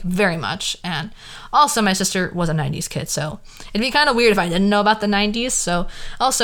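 A woman's voice: fairly low pitch, fairly bright tone. A woman in her twenties with a Valley girl accent, hosting a casual solo podcast, rambling and filling her talk with "like". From the San Fernando Valley, California. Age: 20s. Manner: rambling, heavy use of "like", questioning tone. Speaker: podcast host.

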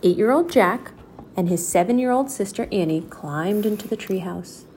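At a moderate pace, a female storyteller narrates a children's chapter book in a steady, clear voice. Her pitch stays in a comfortable middle range, and a faint background hiss persists throughout.

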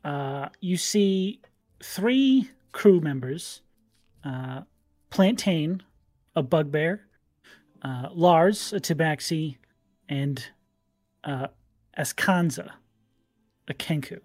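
Relaxed man narrating a tabletop game. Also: on the high side, very slow, long pauses, dry recording, studio quality. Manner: relaxed, hesitant with fillers. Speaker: game master.

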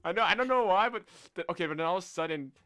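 A young man co-hosting a casual podcast, talking in an animated way with lots of laughs, fillers and restarts. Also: high-pitched, racing. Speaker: podcast co-host. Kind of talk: casual chat.

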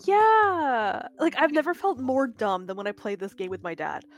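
A woman's voice: sits high, sing-song, moderate pace. A young woman co-hosting a casual gaming podcast, joking about herself, swearing freely and laughing. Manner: self-deprecating, sweary, laughing. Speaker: podcast co-host. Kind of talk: casual chat.

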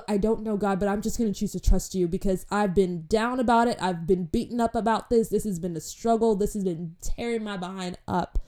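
A woman's voice: fairly high pitch, dark tone. A woman giving an informal faith talk and then a prayer. She speaks in a passionate, conversational way and repeats phrases for emphasis. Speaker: preacher.

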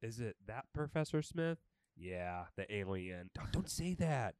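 A man's voice: on the low side, very animated, measured pace, darkish tone, clear, resonant tone, no room sound. A young man co-hosting a podcast in casual chat, crude and joking, laughing often. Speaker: podcast co-host.

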